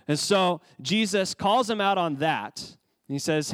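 A man's voice: a little high, animated, measured pace, clean tone, dry recording. A man preaching a sermon as pastor, in a conversational way with casual asides.

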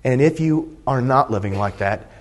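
A man's voice: medium pitch, expressive, moderate pace. A middle-aged man from Indiana preaching a sermon in a conversational, earnest way, often restarting his sentences. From Indiana, USA. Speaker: pastor.

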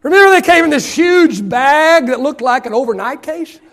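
A middle-aged man preaching a sermon as pastor, swinging between loud shouted emphasis and soft hushed asides, and drawing out key phrases slowly. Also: very high voice, animated. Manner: drawn-out, slowed phrases for emphasis.

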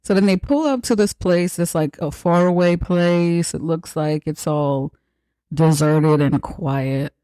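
A podcast host giving a casual, profane, joking recap of a movie, acting out characters' lines in quick asides. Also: mid-range voice, mellow, clear, resonant tone, dry recording.

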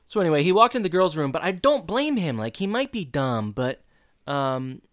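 A man chats through a show's episode with his co-host, animated and loose. He slips into quick character voices for the quotes. The sound is close and completely dry, with no room around it. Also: fairly high pitch, dry recording. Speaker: podcast co-host. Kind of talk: casual chat recapping a show.

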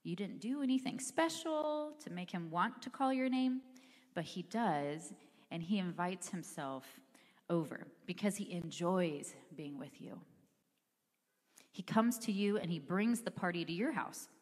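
A woman's voice: fairly low pitch, animated, unhurried, big-room sound. A woman preaching a sermon in a church, speaking in a conversational, earnest way with casual fillers. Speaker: pastor. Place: church sanctuary.

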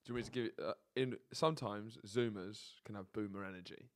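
Young guy co-hosting a podcast, lowish voice, goes off on jokey serious rants. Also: fast. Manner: mock-serious rants, laughs often. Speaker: podcast co-host. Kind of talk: casual comedic chat.

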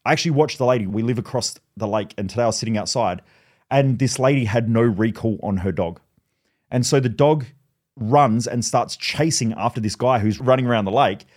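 A man hosting a podcast monologue, blunt and profane, telling animated stories. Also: mid-range voice, fairly quick. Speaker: podcast host.

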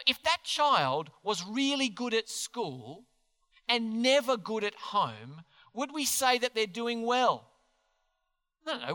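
A man preaching a sermon as pastor in a church, earnest and animated, putting questions to the congregation. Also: sits high. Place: church hall. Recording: long hall reverb.

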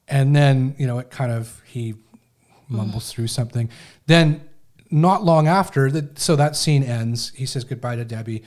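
A man in casual conversation, talking through a story at an easy, unhurried pace. He speaks loosely and freely, acting out the quotes as he goes. His voice sits at a middle pitch. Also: a little mellow. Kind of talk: casual chat.

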